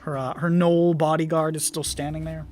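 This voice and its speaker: A man's voice: fairly high pitch, flat delivery, moderate pace, darkish tone. A man narrating as game master of a tabletop game, laughing often and briefly acting out passersby.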